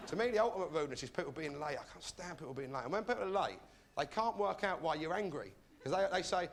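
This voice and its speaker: A man hosting a comedy show, telling jokes with a deadpan manner and bursting into shouted put-on voices. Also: fairly high pitch, fast talker, slight background noise. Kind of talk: stand-up monologue and interview.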